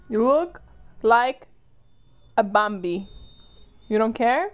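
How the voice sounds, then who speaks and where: A woman with a high voice coos and teases her dog in slow, unhurried baby talk at home. The sound is dull and muffled, like an old home video. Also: expressive. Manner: coaxing, teasing baby talk to a pet. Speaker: dog owner. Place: bedroom at home.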